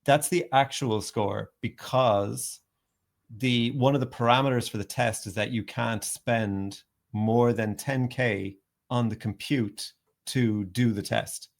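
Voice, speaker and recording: A man's voice: mid-range voice, fairly even intonation, slow, vocal fry. Hesitant man hosting a podcast. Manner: conversational, hesitant, many fillers and repeats. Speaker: podcast host. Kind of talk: casual podcast chat.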